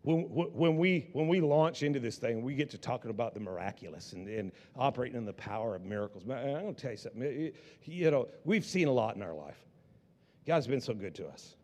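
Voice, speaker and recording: A man's voice: mid-range voice, animated, fast talker, a little mellow. A man preaching a sermon with passion, often stumbling and restarting his phrases. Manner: impassioned preaching with many restarts. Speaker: pastor. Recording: long hall reverb.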